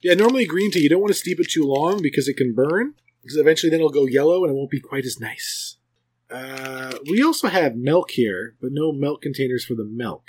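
A middle-aged man co-hosting a relaxed chat podcast, with a slightly higher-than-usual voice. He jokes around and laughs easily. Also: fairly quick. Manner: joking, laughs often. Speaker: podcast host. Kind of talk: casual chat.

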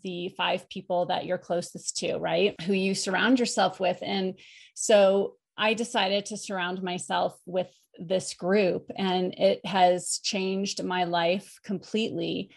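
A woman business owner giving an earnest, slightly halting testimonial in casual chat. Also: fairly low pitch, little pitch movement, vocal fry. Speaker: mastermind member and business owner.

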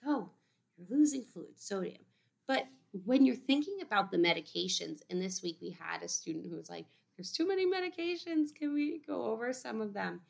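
A woman's voice: lowish voice, gravelly. A woman dietitian tutoring students through exam practice questions, talking casually and acting out what students and patients might say. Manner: conversational, quotes students and patients in little voices.

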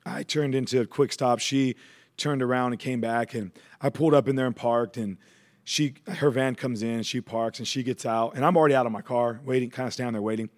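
Male guest, mid-pitched voice, casual storytelling with fillers. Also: a little fast. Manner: relaxed, conversational, with frequent fillers. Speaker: guest sharing his testimony.

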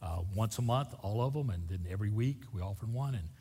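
A middle-aged man preaching a sermon as pastor, emphatic, swinging from loud bursts to soft asides. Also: fairly low pitch, brisk, husky. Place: church sanctuary. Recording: long church hall reverb.

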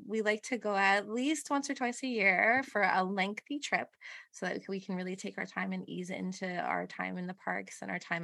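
Woman guest, bright and upbeat, chatty storyteller. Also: medium pitch, vocal fry. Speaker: podcast guest. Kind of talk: casual chat.

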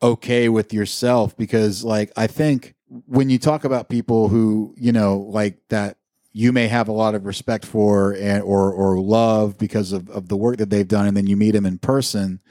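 In a dry, clean studio recording, a man with a lowish, mellow voice keeps a steady tone at normal speed. He's a podcast co-host in casual conversation, telling a lengthy, meandering story with plenty of fillers and offhand cursing.

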